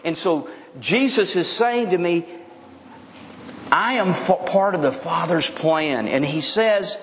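A male pastor delivering a sermon, pressing his points by repeating words and circling back mid-sentence. His voice sits on the higher side for a man. A long reverb from the sanctuary trails each phrase. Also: lively intonation, slow pace, fairly bright tone. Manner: emphatic, repeats key phrases, frequent restarts. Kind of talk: expository sermon.

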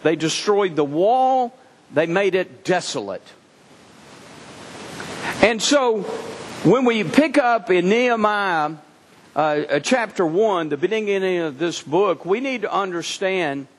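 A man preaching a sermon, telling a scripture story in an animated way and often repeating words as he restarts. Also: sits high, slow. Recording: long reverb from a hall.

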